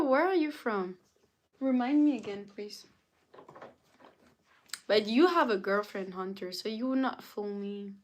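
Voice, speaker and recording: A young woman live-streaming, chatting casually with her viewers and greeting them by name in a drawn-out way. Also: fairly high pitch. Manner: drawn-out, greets and reads out chat names.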